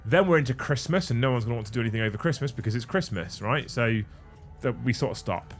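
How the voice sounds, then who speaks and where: A man's voice: medium pitch, animated, quick pace, faint music behind. A man hosting a casual livestream, bantering and thanking viewers, with a bit of swearing. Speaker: livestream host.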